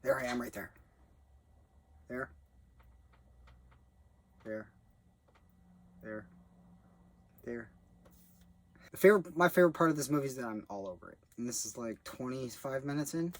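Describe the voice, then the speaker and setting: A man's voice: medium pitch, quick pace, slight background noise. A young man rambling in a loose, profane way as he reviews a film he worked on as a background actor. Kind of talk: rambling casual monologue.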